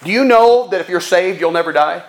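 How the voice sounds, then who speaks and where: A man's voice: high-pitched, expressive, brisk. A male pastor preaching a sermon in a folksy, emphatic, conversational way.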